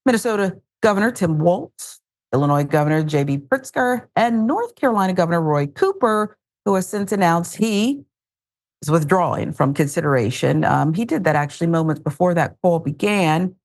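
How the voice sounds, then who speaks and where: Wry woman host with gravelly voice. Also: on the low side, lively intonation, moderate pace, darkish tone. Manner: wry, joking asides. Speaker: news commentary host. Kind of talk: casual news commentary.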